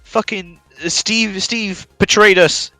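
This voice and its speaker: Brief: man as a cursing Australian pig soldier, raised and bright, enraged and loud. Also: sits high, fairly even intonation, takes it slowly, no echo, faint music behind, voice pushed up, exaggerated voice, poor audio. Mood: furious. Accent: Australian put on. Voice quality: shouting curses. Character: angry male pig soldier.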